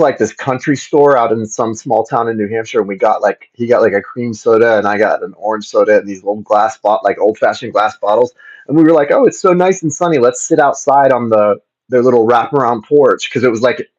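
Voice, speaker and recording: A man's voice: on the low side, a little fast. Chatty Florida man on a livestream. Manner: chatty, rambling, repeats words, greets viewers by name. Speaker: tarot reader hosting a livestream. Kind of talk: casual livestream chat. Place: home, indoors. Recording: slightly dull livestream audio.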